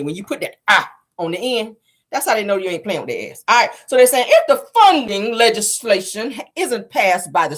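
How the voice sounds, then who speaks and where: A woman hosting a casual gossip show, sassy and animated, calling her listeners child and honey. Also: mid-range voice. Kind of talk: casual celebrity gossip commentary.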